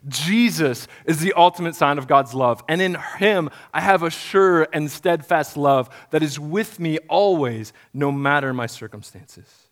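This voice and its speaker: A man in his thirties, a pastor, preaching a sermon in an earnest voice that builds to emphatic repetition and drops to quiet, soft lines. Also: a little high.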